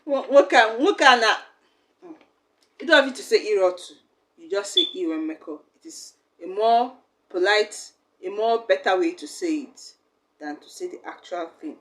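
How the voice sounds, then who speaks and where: A woman's voice: medium pitch, expressive, normal speed, fairly bright tone. A young woman, teaching a language lesson in a chatty, explaining way. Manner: chatty, acts out little quoted exchanges.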